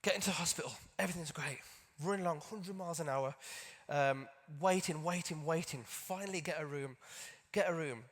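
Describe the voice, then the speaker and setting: A man's voice: on the high side, brisk, few pauses. A man telling a personal story at a conference, talking in a conversational way with self-mocking asides to the audience. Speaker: conference speaker. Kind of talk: storytelling stage talk. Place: large conference hall stage. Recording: long hall reverb from a stage.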